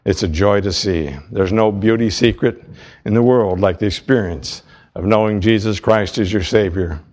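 A man's voice: fairly low pitch, normal speed, a little mellow. A man preaching a sermon, earnest and storytelling, driving points home through repetition.

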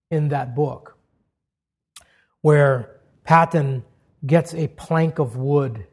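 Man preaching a rising, passionate sermon. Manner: builds to loud, high emphatic peaks, then drops to hushed, slow lines. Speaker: pastor.

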